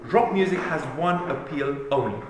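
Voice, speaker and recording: Male preacher, high lively voice, emphatic sermon delivery, heavy room echo. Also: moderate pace, background noise. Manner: emphatic, declamatory reading. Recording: very echoey room.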